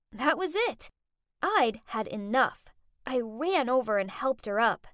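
Dramatic lady telling a story, high and bouncy, dry close mic. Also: very animated, takes it slowly, fairly bright tone, no echo. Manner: dramatic, gushing. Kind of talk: animated first-person story narration.

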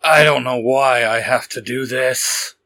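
A man's voice: medium pitch, fairly even intonation, a little slow, pushed and bright, no room sound, voice pushed down. A man voicing a stern young male vigilante who gives clipped, firm commands in a fan audio story.

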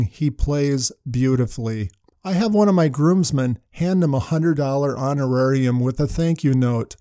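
Older male pastor with a dark voice. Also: on the high side, no echo, clean studio sound. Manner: storytelling with anecdotes. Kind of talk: sermon.

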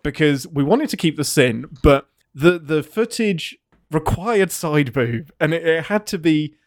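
A man talks with an animated, wide-ranging voice that sits slightly high for a man. He laughs easily and presses his points with emphasis. The sound is close and dry, with no room around it. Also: measured pace, no room sound. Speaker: podcast co-host, video writer. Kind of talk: casual chat.

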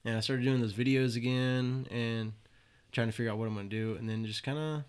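A man's voice: medium pitch, steady tone, a little fast, clean tone. A man in his twenties telling casual stories, loose and profane, often laughing at his own tales. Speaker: guest. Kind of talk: casual storytelling.

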